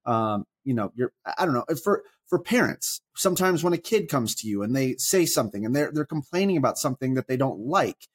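Husky animated man telling stories. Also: mid-range voice, a little fast, few pauses. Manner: animated storyteller, restarts often. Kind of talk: casual faith podcast chat.

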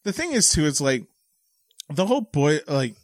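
A man's voice: on the high side, very animated, normal speed, dry recording, studio quality. A man, a stand-up comedian, chatting casually on a podcast after a few drinks, rambling with lots of filler words and swearing. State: tipsy.

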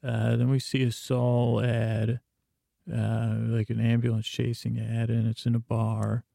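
Speaking a little slowly, the male podcast host gives a filler-heavy, meandering bedtime recap in a gravelly, mid-range monotone. The audio is clean studio sound without any echo.

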